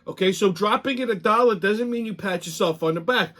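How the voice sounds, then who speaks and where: A man with a somewhat high voice rants through his weekly commentary. He curses constantly, turns sarcastic, and keeps restarting his sentences as he goes. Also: animated, fast, few pauses, fairly bright tone. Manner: profane, heated, sarcastic, rambling with restarts. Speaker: host of a weekly political commentary show. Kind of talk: casual ranting commentary.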